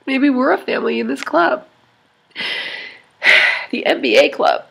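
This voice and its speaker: A woman talking to her online club in an emotional confessional vlog, tearful and crying, rambling and halting with many sighs. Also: high-pitched, gravelly, breathy edge.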